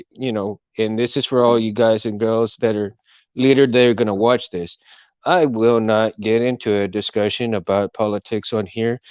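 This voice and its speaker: A man hosting his own live stream, chatting casually with lots of fillers and restarts in a fairly monotone voice. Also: mid-range voice, smooth, no room sound, lo-fi sound. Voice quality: self-described monotone. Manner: rambling, full of fillers and restarts.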